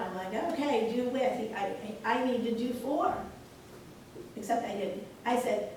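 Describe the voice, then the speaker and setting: A woman's voice: on the high side, unhurried. A woman nursing instructor leading a staff training session, telling a story from her work and acting out both sides of the dialogue. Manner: animated storytelling, acts out dialogue. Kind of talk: in-service staff training talk. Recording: echoey room, mic far off, loud noise.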